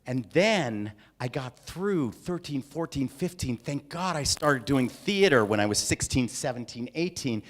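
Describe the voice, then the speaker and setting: A man leading a live, interactive creativity talk for an audience, theatrical and animated, often acting out voices and scenes. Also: mid-range voice, measured pace, few pauses. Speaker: creativity workshop speaker. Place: lecture hall with audience.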